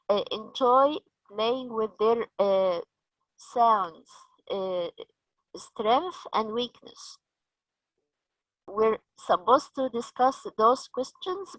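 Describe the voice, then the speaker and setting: Egyptian woman teacher trainer, slightly high voice, slow and patient, dry close sound. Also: fairly bright tone, no echo, rough recording. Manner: slow, patient, asks the group questions.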